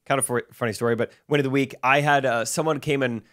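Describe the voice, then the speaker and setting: A man's voice: medium pitch, fairly even intonation, quick pace, a bit bright. Dry-humored man telling a story on a podcast. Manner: dry, self-deprecating humor. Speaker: podcast co-host. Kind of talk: casual storytelling chat.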